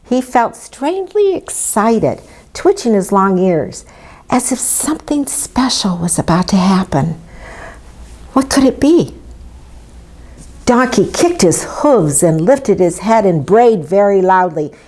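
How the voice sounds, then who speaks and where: A woman reading a children's story aloud in an expressive way, inviting her listeners to join in. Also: medium pitch, slow pace. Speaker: storybook reader.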